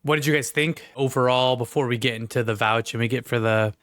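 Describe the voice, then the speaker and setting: A man chats through a film recap on a podcast, jumping into quick voices for the characters as he retells scenes. His pitch swings high and low, and the sound is dry and close with no room around it. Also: fairly bright tone, dry recording. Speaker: podcast co-host. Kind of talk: casual movie review chat.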